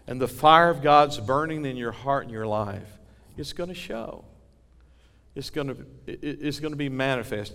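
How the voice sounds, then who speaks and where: A man preaches with fervent, folksy conviction, his pastor's voice sitting at an ordinary middle pitch. The sermon rings with a long reverb from the church hall around him. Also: fairly bright tone, smooth. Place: church sanctuary.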